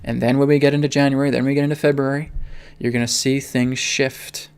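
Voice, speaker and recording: A man's voice: mid-range voice, level tone, a little fast, darkish tone, smooth. A man hosting a live spiritual stream, talking emphatically and tagging his points with "okay?". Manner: emphatic, repeats "okay?" often. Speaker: spiritual reader and host.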